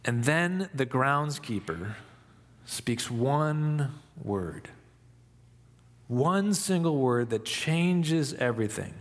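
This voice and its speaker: A pastor giving an Easter sermon, reflective and storytelling, dropping soft for emphasis. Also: male voice, medium pitch, expressive, big-room sound. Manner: slow, reflective, dramatic pauses, soft for emphasis.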